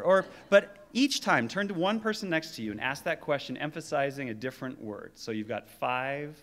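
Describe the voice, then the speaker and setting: A man's voice: on the high side, animated, normal speed, few pauses, a bit bright, slight background noise. A man, a youth minister, giving a church address to young people, earnest and playful as he projects to the crowd. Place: church sanctuary.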